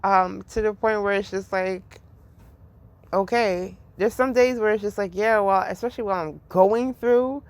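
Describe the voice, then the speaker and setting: A woman's voice: mid-range voice, moderate pace. A woman muses about faith in a loose, rambling monologue full of swearing, frequent laughter and constant "like" fillers. The recording is close and dry with no room echo. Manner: rambling, profane, laughs often, heavy use of "like". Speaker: podcast host. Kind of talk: casual spiritual reflection.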